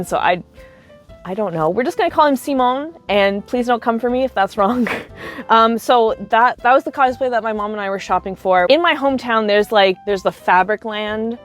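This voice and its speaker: Young woman rambling through storytime, mid pitch, lots of likes, faint music under it. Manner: chatty, lots of likes and you-knows. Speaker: cosplay video creator. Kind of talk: casual storytelling to camera.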